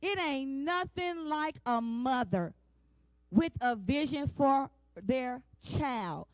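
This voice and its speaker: High-voiced woman preaching with passion. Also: animated, slow, dry recording. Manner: passionate, emphatic preaching with repeated refrains; colloquial, talks straight to the congregation. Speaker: women's day speaker. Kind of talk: sermon.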